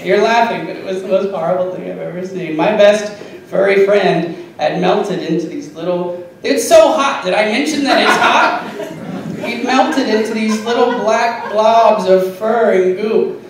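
Brief: man comic, high voice, deadpan puns, filmed on a phone far back in an echoey bar. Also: a little slow, slight background noise. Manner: deadpan, punny, giggling at own jokes. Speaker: stand-up comic. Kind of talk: absurdist stand-up set. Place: small bar stage. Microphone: phone camera.

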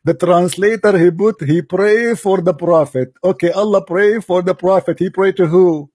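Brief: male commentator, husky, slightly high voice, scornful and combative, dry close sound. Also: moderate pace, darkish tone, dry recording. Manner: scornful, combative, broken English. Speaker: video commentator. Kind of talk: mocking commentary over a paused debate clip.

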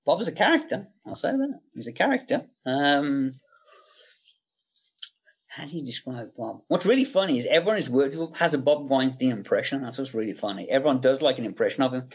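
A man's voice: mid-range voice, expressive, a little fast, husky. A middle-aged man who works as a special make-up effects artist, a podcast guest telling anecdotes with self-interruptions and chuckling asides.

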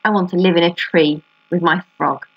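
A woman's voice: lowish voice, fairly even intonation, normal speed, highs cut off, close to an everyday voice. A woman reading aloud, voicing a cheeky, teasing young boy with a sing-song way of talking.

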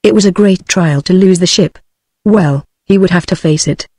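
A woman's text-to-speech voice with a British English accent, reading an audiobook in an even, synthetic manner. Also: fairly low pitch, moderate pace, husky, no echo. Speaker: narrator. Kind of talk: audiobook narration.

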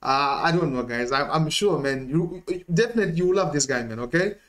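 A man hosting a music reaction video in a casual, excitable way, laughing often and tagging his sentences with "man" and "okay?". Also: fairly high pitch, a little fast.

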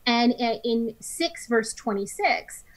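A woman with a fairly high voice co-hosts a Bible study discussion. She moves quickly through each chapter and sums up the story in plain everyday words. Her speech is clear and close to a studio microphone. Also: expressive, rough recording. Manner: retells scripture in her own words, with brisk summaries.

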